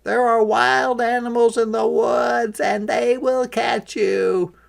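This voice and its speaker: A man voicing a group of little ducklings who plead with a chick to come back and warn of danger in a high voice, in a storybook read-aloud. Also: steady tone, takes it slowly, gravelly, full character voice. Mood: worried.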